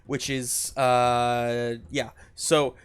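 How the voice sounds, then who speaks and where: A man narrating a tabletop game as game master, relaxed and rambling with many fillers. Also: mid-range voice, very slow, clean tone.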